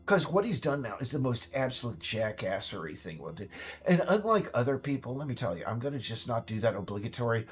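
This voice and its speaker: A man's voice: medium pitch, big pitch swings, a little fast, slightly rough. A man giving a ranting political monologue, stammering and restarting, now and then mocking others in put-on voices.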